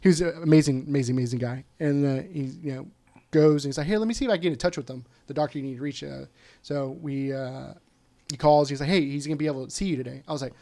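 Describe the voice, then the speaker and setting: Guy with a kinda high voice telling his story, swears a lot, super candid. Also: quick pace, gravelly, dark tone. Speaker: guest. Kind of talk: casual storytelling.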